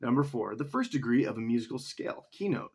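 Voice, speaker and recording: A man's voice: mid-range voice, expressive, fast talker, vocal fry, breathy edge. A man talking casually to himself in a solo vlog, rambling as he reads definitions aloud and swears now and then. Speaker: vlogger.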